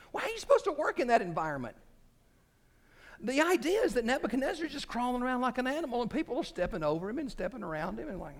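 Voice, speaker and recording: A man preaching a sermon in an animated, conversational way. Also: very high voice, fast talker. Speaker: pastor.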